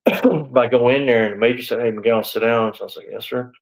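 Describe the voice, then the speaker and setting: A man's voice: mid-range voice, steady tone, fairly quick, darkish tone, low-quality recording. Man in his 60s telling his story. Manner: rambling storyteller who acts out quoted exchanges; casual, peppered with "man" and "you know". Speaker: interview guest, former sheriff's deputy.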